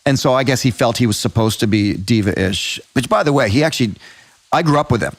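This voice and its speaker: Middle-aged Canadian male host, mid-pitched, dry close recording, casual interviewer. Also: dry recording. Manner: conversational, quick asides. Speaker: podcast host.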